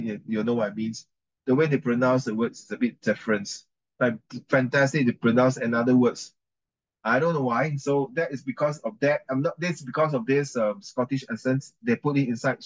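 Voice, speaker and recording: A man's voice: medium pitch, muffled recording. Guy teaching english reading, chatty, keeps correcting himself. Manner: chatty, repeats and corrects himself, mixes in Chinese. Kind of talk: reading class with commentary.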